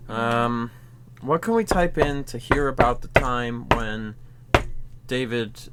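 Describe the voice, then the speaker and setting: A man's voice: medium pitch, slow pace, very noisy. A young man co-hosting a let's-play, chatting casually and joking crudely while playing. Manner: joking, crude, jumping to funny voices. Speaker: co-host of a let's-play channel. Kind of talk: casual gameplay chat.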